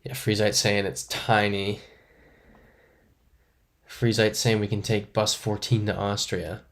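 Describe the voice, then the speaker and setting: A man's voice: on the low side, flat delivery, slow pace. A man streaming a geography guessing game live, thinking aloud, chatting with viewers and poking fun at himself. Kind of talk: casual live-stream commentary, reading chat.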